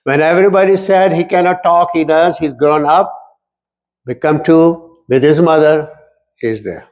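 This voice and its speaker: A middle-aged man giving a lively storytelling talk, slipping phrases into his English. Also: on the high side, unhurried. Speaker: speaker at a community talk.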